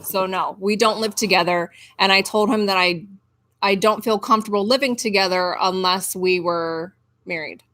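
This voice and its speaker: A woman's voice: medium pitch, normal speed, a bit bright. A woman co-hosting a casual live stream, chatting and reading out viewer messages and donations. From United States.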